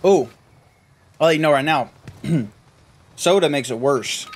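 A man's voice: on the high side, a little slow, husky. A man streaming from his room, chatting casually, joking, swearing and laughing often. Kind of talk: casual live-stream chat.

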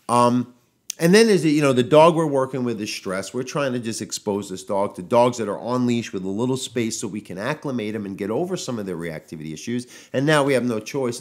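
A man's voice: medium pitch, a little mellow. A man, a dog trainer, hosting his own podcast in casual solo talk and venting his frustration. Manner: frustrated ranting, quoting people in raised voices.

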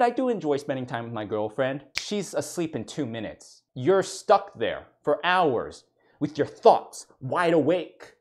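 A man's voice: a little high, a little mellow. A man giving a comedic mock lecture, ranting in exasperation and stammering over repeated words. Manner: mock-serious professor persona.

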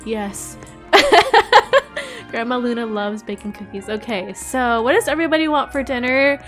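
Bubbly female roleplay host, high voice, lots of squealing laughs. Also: measured pace, faint music behind. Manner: giggly, excitable, with squealing high laughs and shouts. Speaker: roleplay host playing the mother. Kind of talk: playing a family roleplay game.

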